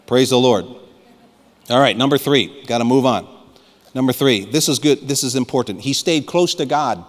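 A man preaching a fiery sermon as pastor, rising to shouts and calling for amens. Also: medium pitch, moderate pace, a faint crowd, slight background noise. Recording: long hall reverb.

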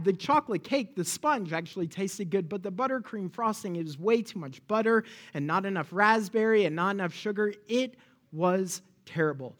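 A man delivering a sermon as a pastor, his voice sitting a little high for a man. He preaches with animated, pointed energy and often turns to the listeners with rhetorical questions. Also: moderate pace.

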